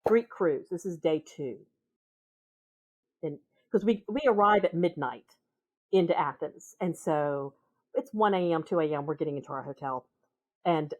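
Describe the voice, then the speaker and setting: Woman with a Minnesota accent, chatty guest, animated anecdote-teller. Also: fairly low pitch. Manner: animated, acts out voices in her anecdotes. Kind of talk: casual storytelling conversation.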